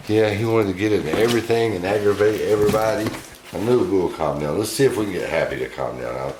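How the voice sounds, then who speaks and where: Host: deep-voiced man, doting and chuckly with his pets, roomy home room. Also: brisk, a little hiss or hum. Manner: doting, chuckling, softens to cooing. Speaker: pet owner and channel host. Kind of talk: casual vlog narration to pets.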